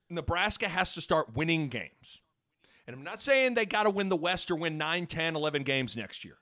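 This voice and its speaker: A man's voice: a little high, bright, forceful tone. A man hosting a sports talk show, rambling casually and joking, piling on analogies. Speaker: sports radio host.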